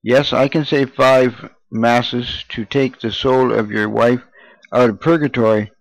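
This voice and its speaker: A man's voice: medium pitch, steady tone, a little slow, vocal fry, no room sound, rough recording. Brief: male narrator doing an older priest, curt and unfeeling, dry close sound. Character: hard-hearted older male parish priest.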